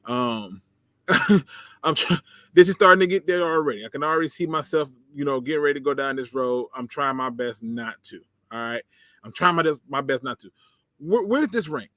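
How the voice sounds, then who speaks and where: A man's voice: medium pitch, no room sound, clean studio sound. A man hosting a casual sports livestream, reading viewer comments aloud and reacting with sarcasm and frequent laughter. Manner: animated, sarcastic, laughs often, talks to chat.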